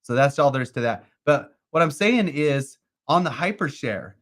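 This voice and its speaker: A man's voice: medium pitch, very animated, moderate pace, fairly bright tone. Rambling man explaining crypto steps. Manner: rambling, uses lots of "like" and "uh". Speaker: co-host. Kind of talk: casual chat about crypto investing.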